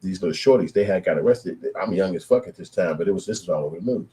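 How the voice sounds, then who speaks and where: A man around thirty telling stories in casual street slang, animated and profane, acting out the voices of people in his stories. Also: deep voice, fast, rough recording. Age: 20s to 30s. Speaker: storyteller. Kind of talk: casual street storytelling monologue.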